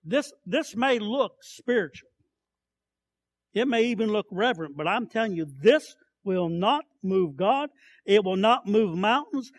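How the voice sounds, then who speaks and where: High-voiced preacher, slow and impassioned. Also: male voice, no echo. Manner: impassioned, declaiming scripture slowly, dropping to soft asides. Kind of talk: sermon.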